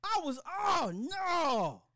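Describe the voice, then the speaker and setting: Slangy guy ranting on his podcast, dry close mic, pitch swings around a lot. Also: drawn-out words, no room sound. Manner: animated, swearing, slangy, many restarts. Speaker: podcast host. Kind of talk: casual chat.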